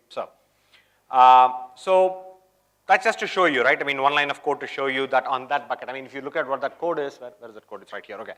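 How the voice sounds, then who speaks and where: A man's voice: mid-range voice, fairly bright tone. A man presenting a live coding demo at a tech conference, chatty and always checking in with the audience. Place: conference hall.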